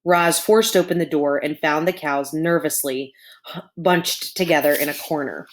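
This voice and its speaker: A woman's voice: low voice, normal speed, a little hiss or hum. A woman reading a chapter book aloud to children, adding chatty asides to her young listeners. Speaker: storyteller. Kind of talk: children's storybook read-aloud.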